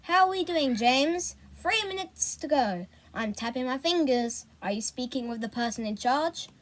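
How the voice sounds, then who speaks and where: A woman reading aloud, voicing a cold, impatient male villain who drags out his threats slowly. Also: high-pitched, expressive. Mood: taunting.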